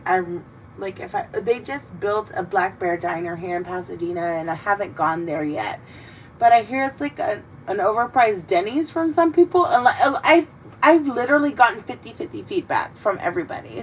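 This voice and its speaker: A young woman hosting a casual drinking chat, rambling, swearing freely and heartfelt. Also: mid-range voice. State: tearful in places. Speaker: host. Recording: mic a bit distant, faint background noise.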